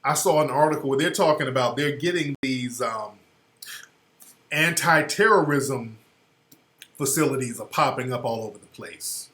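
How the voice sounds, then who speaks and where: A man's voice: medium pitch, moderate pace, a bit bright, reverberant. A man hosting a talk radio show, giving blunt, profane commentary and repeating phrases for emphasis.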